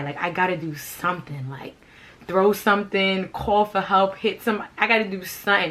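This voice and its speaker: A woman's voice: low-pitched, a bit bright, slight background noise. A woman from Brooklyn, telling a story in a casual, blunt, profane, rambling way. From Brooklyn, New York. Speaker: vlogger.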